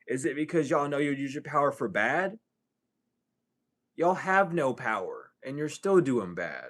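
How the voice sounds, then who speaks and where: Profane, streetwise man, wide swings. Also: a bit bright. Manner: swings from low mutter to high exclaims. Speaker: spiritual reader. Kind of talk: casual spiritual monologue.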